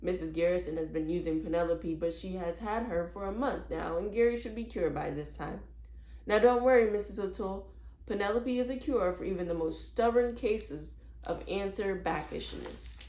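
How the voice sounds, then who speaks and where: A woman voicing a calm, kindly neighbor woman in a read-aloud storybook, reassuring and soothing. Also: medium pitch, normal speed, lightly acted. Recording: roomy echo.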